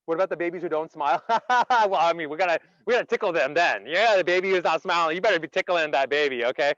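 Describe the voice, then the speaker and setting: High-voiced man leading an upbeat laughter workshop. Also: quick pace, dry recording, highs cut off. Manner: energetic, asks the audience many questions; chatty, many "like" fillers. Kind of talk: interactive online workshop talk.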